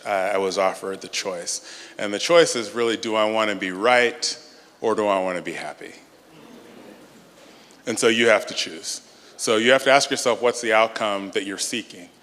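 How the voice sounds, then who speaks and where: A man with a lowish voice answers questions from the audience at a conference. His delivery is measured and emphatic. The sound rings through a large hall with a long reverb. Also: fairly bright tone. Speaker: conference speaker. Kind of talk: Q&A talk at a church conference.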